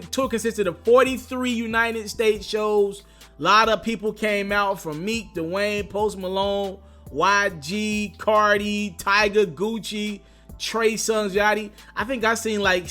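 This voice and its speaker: Animated, slangy male hip-hop commentator. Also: high-pitched. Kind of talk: casual commentary vlog.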